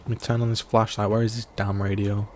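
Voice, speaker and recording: A man's voice: fairly low pitch, level tone, fast talker, a little mellow, slight background noise. A man giving casual, chatty commentary to his viewers while streaming a video game. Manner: chatty, joking asides to chat.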